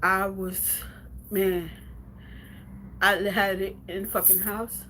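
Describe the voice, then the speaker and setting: A woman's voice: mid-range voice, level tone, slow pace, bright, forceful tone, a little hiss or hum. A woman livestreaming from home, telling a painful personal story in a blunt, profane way with lots of repetition, then reading out viewer comments.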